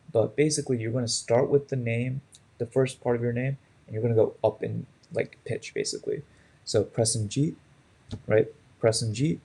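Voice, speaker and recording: A man's voice: mid-range voice, gravelly, warm tone, husky. A young man in his twenties teaching a public speaking class in a conversational way, often checking in with "right?". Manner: conversational, frequent "right?" tags.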